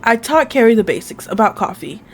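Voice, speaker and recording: A woman's voice: a little high, lively intonation, a little fast, husky. A woman hosting a gaming channel, reading a dating game aloud in the first person, with casual asides.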